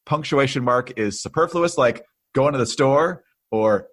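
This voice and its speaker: A man's voice: medium pitch, a little slow, no room sound, clean studio sound. A man co-hosting a conservative political podcast, trading wry, easygoing banter with his co-host.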